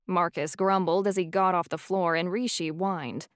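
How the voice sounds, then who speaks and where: A woman's voice: lowish voice, fairly even intonation, normal speed, clean tone, no room sound. Dry-voiced woman narrating an audiobook. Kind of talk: first-person audiobook narration.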